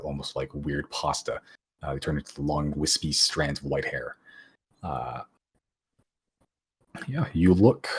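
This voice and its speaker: A man narrating as game master of a tabletop game, describing scenes haltingly with many fillers. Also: a bass voice, a little hiss or hum.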